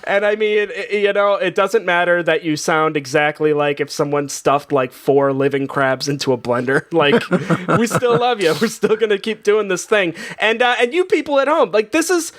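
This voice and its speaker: High-voiced rambling male comedy host. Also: moderate pace, few pauses, fairly bright tone. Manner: rambling, laughing, lots of restarts. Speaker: game show host. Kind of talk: casual comedic banter.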